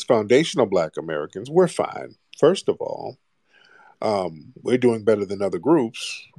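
A man with a low, gravelly voice hosts a live call-in chat. He talks bluntly and mockingly, putting down the people he speaks with. The sound is dry and close. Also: darkish tone, no room sound. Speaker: livestream host.

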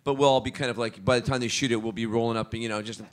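A Scottish-born man telling stories on a convention panel. His voice sits in an ordinary male middle range. He talks in lively, laughing bursts, tripping over his words and starting sentences again. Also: medium pitch, rapid-fire. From Scotland. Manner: lively, laughing storyteller who stumbles and restarts. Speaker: guest actor on a convention panel. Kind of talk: casual panel storytelling.

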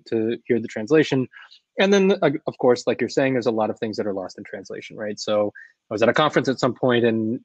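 A man's voice: medium pitch, dry recording, muffled recording. A man moderating a conference panel, speaking in a conversational way and often repeating words. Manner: conversational, repeats words, says right a lot.

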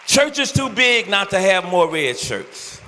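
An older male pastor preaching an impassioned, pleading sermon with rhythmic repeated phrases and shouted peaks, recorded in a large church sanctuary. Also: high-pitched, very animated, measured pace, some chatter behind, a little hiss or hum. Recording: echoey church hall with long reverb.

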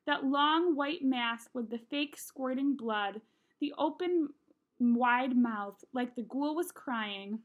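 A woman reading a children's novel aloud, with expressive storytelling and brief voices for the characters. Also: sits high, slow pace, narrow, tinny audio.

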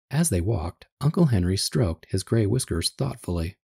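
A man narrating a story for English learners with a steady, clear reading. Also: low voice, normal speed, few pauses.

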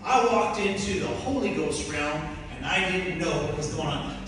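A man preaches to a congregation, telling his own story with animated energy and slipping into the voices of the people in it. His voice sits high, and it is carried by a long, echoing hall reverb from far off the mic. A faint room hum sits underneath. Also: normal speed, few pauses. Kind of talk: sermon testimony.

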